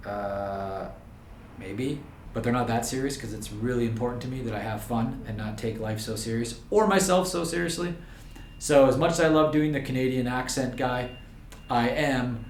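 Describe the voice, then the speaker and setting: A man's voice: medium pitch, normal speed, a little hiss or hum. Man, casual vlog to camera, easygoing and rambling, roomy echo, faint ambience behind. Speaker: vlogger and videographer business owner.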